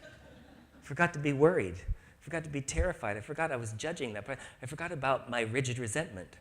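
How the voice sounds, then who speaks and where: Man, spiritual speaker at a live talk; playful, very animated pitch, slips into little voices. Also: a little fast. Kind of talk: inspirational talk to a live audience.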